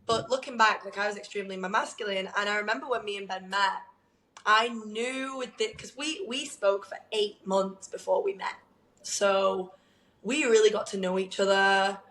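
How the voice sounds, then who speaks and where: A woman co-hosting a podcast, telling a candid personal story in an animated way, laughing often and using lots of "like.". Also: medium pitch, moderate pace, reverberant, low-quality recording. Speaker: podcast co-host.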